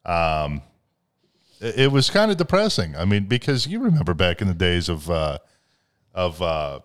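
Man, podcast host, crude rambling storyteller, low voice, swings in pitch. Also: wildly swooping pitch, moderate pace, smooth. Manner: profane, rambling storyteller with many fillers. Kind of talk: crude casual chat.

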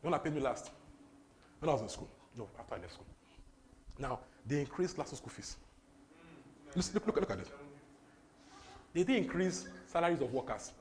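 A young man from Nigeria with a Nigerian English accent, preaching a lively sermon that repeats phrases and slips into pidgin. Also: a little high, a little fast, pauses often, slight background noise. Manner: animated, repetitive, breaks into laughter and pidgin.

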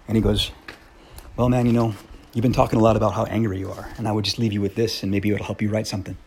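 A man's voice: fairly low pitch, little pitch movement, fast, a little mellow, slightly rough. A man hosting a podcast in a candid personal monologue, blunt and swearing freely, partly reading aloud his own old essay. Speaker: podcast host.

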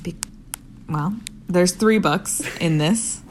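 Co-host: young woman, a bit low-voiced, chatty and giggly, faint ambience behind. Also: takes it slowly, darkish tone, slight background noise. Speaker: podcast co-host. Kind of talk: casual chat.

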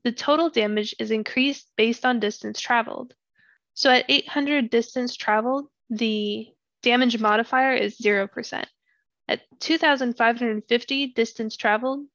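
A woman's voice: fairly high pitch, moderate pace, creaky, no room sound, lo-fi sound. A woman co-hosting a gaming podcast, methodically reading out stats and ability details in a casual way. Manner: steady, methodical reading of numbers. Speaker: podcast co-host.

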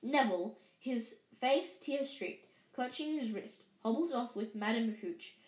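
A woman reading a children's story aloud in a lively way, with frequent slips and restarts. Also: a little high, a little slow. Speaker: reader. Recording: roomy echo.

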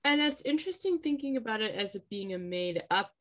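A woman's voice: fairly high pitch, expressive, brisk. A woman co-hosting a podcast, talking in a rambling, thoughtful way and searching for words. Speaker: podcast co-host. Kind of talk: casual podcast chat.

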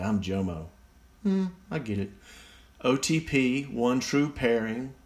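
A man's voice: medium pitch, animated, slow. A man reading out slang definitions and mocking them in a casual, sarcastic way, recorded on a phone. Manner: sarcastic, mocking, easily amused. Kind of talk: casual solo commentary.

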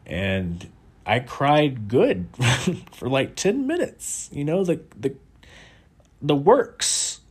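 A man's voice: medium pitch, very animated, drawn-out words, pauses often, husky. A man speaking in a candid personal monologue about his own experience. He is reflective and confessional, restarts his sentences often, and swears casually. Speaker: vlogger.

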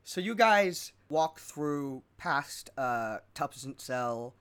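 A man narrating a tabletop game as game master, relaxed with fillers. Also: on the high side, very slow, clear, resonant tone.

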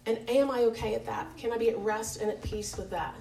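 A woman leads a Bible study in a church meeting room, giving a casual devotional teaching in a frank way, with plenty of fillers and self-corrections. Her fairly high voice has some vocal fry, fairly even intonation and a slightly fast pace. She's recorded from afar in an echoey space.

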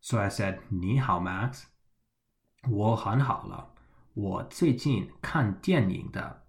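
Low-voiced man explaining Chinese phrases. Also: slow. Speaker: co-host teaching Mandarin. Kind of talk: language lesson explanation.

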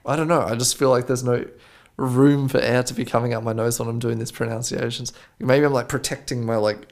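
A man co-hosting a podcast in casual chat, playful and joking, quick to laugh. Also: mid-range voice, steady tone, creaky, a little mellow. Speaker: podcast co-host.

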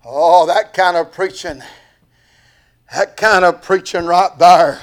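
Older preacher, gravelly, high-pitched, slow, sing-song old-time sermon delivery. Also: male voice. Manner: sing-song, swings from hushed to shouting.

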